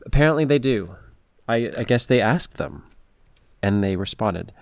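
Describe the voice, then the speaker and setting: A man's voice: on the low side, animated, moderate pace, no room sound. A man hosting a playful animal-facts podcast for kids, chatty and goofy, full of puns and silly asides. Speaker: podcast host.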